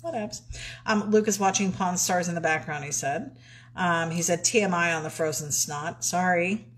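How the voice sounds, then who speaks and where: A woman's voice: on the low side, normal speed, slight background noise, poor audio. A woman co-hosting a casual live stream, reading viewer comments aloud and laughing often.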